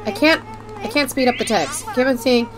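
Excitable high-voiced woman streamer. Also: moderate pace, poor audio. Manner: excitable, giggly, swears, reads game text aloud. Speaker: let's play streamer. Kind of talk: casual gameplay commentary.

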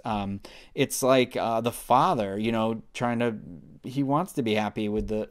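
Guy in his 30s doing a casual book review, mid pitch, um-heavy and rambly, really into it. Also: a little mellow. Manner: rambling, enthusiastic, many fillers and restarts. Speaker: book club vlogger.

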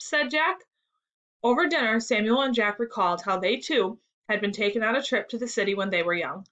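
A woman teacher reading a story aloud for an elementary school lesson, steady and clear. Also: medium pitch, a little fast.

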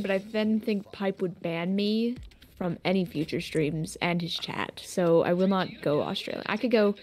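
A woman's voice: medium pitch, moderate pace, a little mellow, slight background noise. A woman chatting playfully while gaming with friends, giggling often. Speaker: guest gamer. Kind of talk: casual gaming chat.

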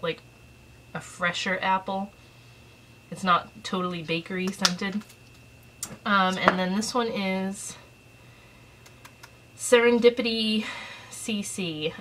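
Bright-voiced chatty woman vlogger. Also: on the low side, a little hiss or hum, rough recording. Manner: chatty and rambling, with fillers. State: out of breath; mildly stuffed up. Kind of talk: casual unboxing chat. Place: at home. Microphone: camera resting on a shelf.

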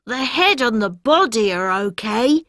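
A woman voicing a kind, helpful child character in a children's storybook, bright and exaggerated. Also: fairly high pitch, sing-song, a little slow, dry recording, clean studio sound.

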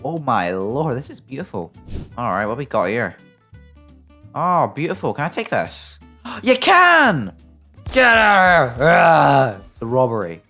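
A British man commenting on his own gameplay as a video creator, jokey and excitable, breaking into sudden loud yelps. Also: medium pitch, unhurried, faint music behind. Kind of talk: playing a game and commenting.

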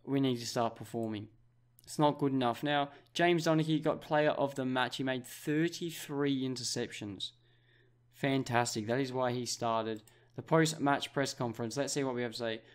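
A young Australian man commentating his football management game, with excitable play-by-play. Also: medium pitch, moderate pace. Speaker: gaming YouTuber.

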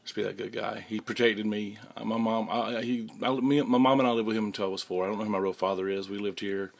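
A young man talking haltingly to his camera in a casual vlog, with many restarts and fillers. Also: lowish voice, steady tone, creaky. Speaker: vlogger. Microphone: handheld camera mic.

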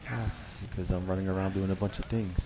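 A man's voice: low-pitched, steady tone, fast, mellow. A man hosting his own gaming channel, giving casual commentary on a survival game with dry, wry asides. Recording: noisy home recording.

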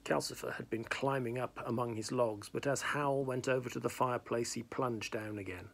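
Man reading a novel aloud, gravelly. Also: medium pitch, steady tone, normal speed. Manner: plain narration with small slips and restarts. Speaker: reader.

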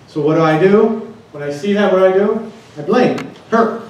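A man's voice: high-pitched, normal speed, darkish tone. A man giving a seminar talk to an audience, often putting questions to the room. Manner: asks the audience many questions. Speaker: conference speaker. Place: large conference room. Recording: echoey room, distant mic.

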